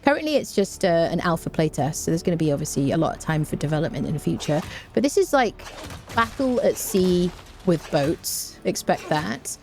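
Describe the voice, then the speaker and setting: A woman's voice: fairly low pitch, sing-song, brisk, darkish tone, a little hiss or hum. A woman giving rambling, casual commentary while streaming a game, full of fillers and restarts.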